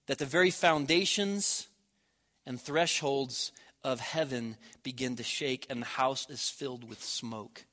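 A man preaching a sermon, swelling loud on key words and dropping to a near hush at the ends of phrases. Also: mid-range voice, a little slow.

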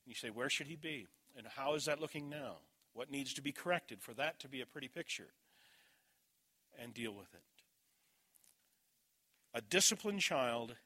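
A man's voice: mid-range voice, bright, forceful tone. A middle-aged man preaching a sermon, teaching earnestly and telling a personal story.

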